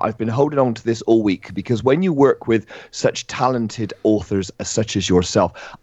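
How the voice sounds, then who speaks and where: Cheerful head teacher, lively voice, dry muffled sound. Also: male voice, mid-range voice, no room sound. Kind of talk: casual chat.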